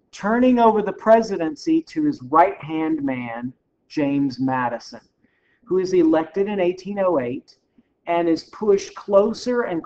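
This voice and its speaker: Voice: medium pitch, a little hiss or hum. A history lecturer giving a recorded class lecture in a casual, wry, joking way, in a dull lo-fi recording.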